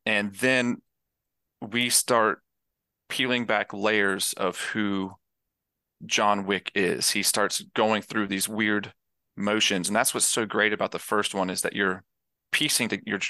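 A man's voice: on the low side, bright, forceful tone, no room sound. A man co-hosting a podcast, casually and eagerly recapping a film, rambling with restarts. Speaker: podcast co-host. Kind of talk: casual movie discussion.

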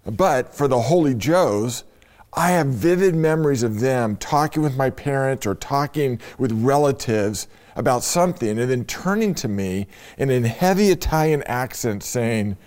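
A man's voice: medium pitch, lively intonation, moderate pace. A middle-aged man, a pastor, preaching a sermon in a conversational way and speaking straight to his listeners. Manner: warm conversational preaching with direct address to listeners.

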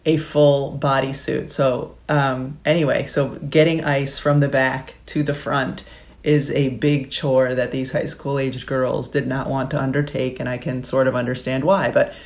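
A woman's voice: very deep voice, level tone, a little slow, darkish tone. A woman in her forties, co-hosting a podcast in casual chat, telling rambling stories with many fillers. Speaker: podcast co-host and sports broadcaster.

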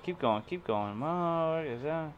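A man's voice: on the high side, animated, slow pace, lo-fi sound, a crowd in the background. A young man in casual chat, joking around and reading web pages aloud in a laid-back way. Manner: laid-back, joking, says dude and bro.

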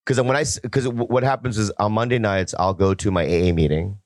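A man's voice: on the low side, fairly even intonation, a little fast, no room sound. A man appearing as a guest comedian, talking in a blunt, rambling and provocative way in casual podcast banter.

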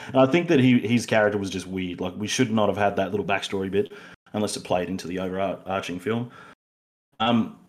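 Low-voiced rambling Australian man. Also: fairly quick, a little mellow. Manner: rambling, many fillers and restarts. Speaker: podcast co-host. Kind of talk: casual film review chat.

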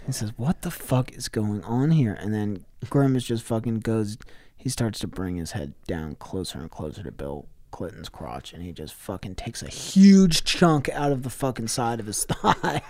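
A man co-hosting a podcast, improvising a profane comic story with a deadpan delivery. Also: lowish voice, normal speed, dry recording. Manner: deadpan profane narration with sudden loud outbursts. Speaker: podcast co-host.

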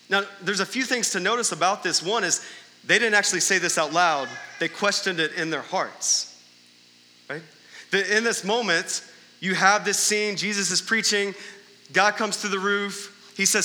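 A man's voice: high-pitched, moderate pace, bright, forceful tone, big-room sound. A male pastor preaching a sermon in a church, talking conversationally and tossing in rhetorical questions and "right?" asides. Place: church sanctuary during a service.

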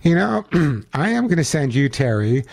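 An older man hosting a call-in pet radio show, chatting with callers and reading phone numbers out slowly. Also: on the high side, very animated, creaky, a little mellow. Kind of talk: call-in radio talk and on-air product pitch.

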